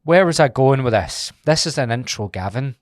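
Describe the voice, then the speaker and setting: In a relaxed podcast chat, a twenty-something host from Glasgow, Scotland, jokes, teases and swears freely. He speaks at normal speed in a mid-range voice with lively intonation, recorded in studio quality with no echo.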